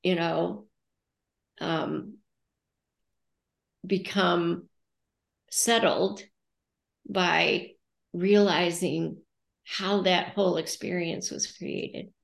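Middle-aged woman, from the US, coach, unhurried, thoughtful, gravelly voice, roomy echo. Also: on the low side, fairly even intonation. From United States. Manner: thoughtful, acts out her own inner dialogue. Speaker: coach and podcast co-host. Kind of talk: reflective casual podcast talk.

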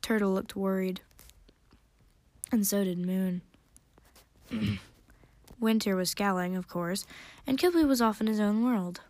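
A woman's voice: medium pitch, measured pace, long pauses, a little mellow, no echo. Casual woman reading a story aloud. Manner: casual, stumbles and corrects herself. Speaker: podcast host reading fan fiction.

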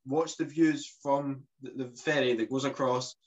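Man, casual travel chat, rambling delivery, average pitch. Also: steady tone, measured pace, poor audio. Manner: rambling, many restarts and fillers. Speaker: podcast co-host.

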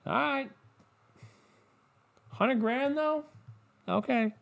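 A man voicing a wife stunned by an expensive gift, in a high mocking falsetto with a sarcastic edge. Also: extremely slow, vocal fry, fairly bright tone, full character voice.

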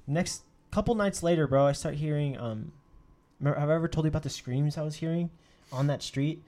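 A young man casually telling a story, swearing a lot and acting out the quotes of others with sudden jumps in his voice. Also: brisk. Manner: animated, profane, acts out quotes with sudden pitch jumps.

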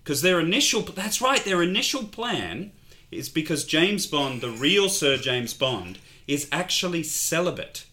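A man's voice: a little high, big pitch swings, unhurried, sharp tone. A man co-hosting a casual film review podcast, joking and rambling, often breaking into laughter. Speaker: podcast co-host.

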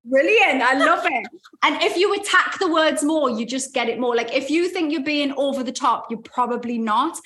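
A chatty woman with a softened Geordie accent and a slightly high voice. She is a guest in a relaxed interview and talks lively, with many restarts. She is in her forties. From Newcastle, England. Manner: chatty and animated, with quick laughs and restarts. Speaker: podcast guest, author and life coach. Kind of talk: conversational interview.

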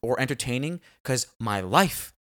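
With a fairly bright, mid-range voice, lively intonation, and a moderate pace, this man co-hosts a laid-back podcast. His talk is rambling and emphatic, with plenty of swearing.

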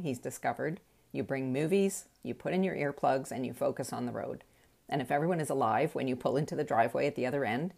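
Low, gravelly middle-aged woman storyteller. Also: darkish tone. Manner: wry, reflective. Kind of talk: personal storytelling.

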